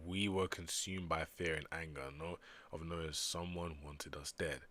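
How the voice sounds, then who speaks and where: Deep-voiced man reading comics aloud. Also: steady tone, bright, forceful tone. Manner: reads panels aloud with quick reactive commentary. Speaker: streamer reading manga aloud. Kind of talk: casual reading stream.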